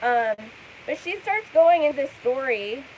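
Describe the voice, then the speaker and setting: A woman's voice: sits high, expressive, measured pace, a little hiss or hum, rough recording. A woman giving casual vlog commentary, skeptical and rambling, with many fillers.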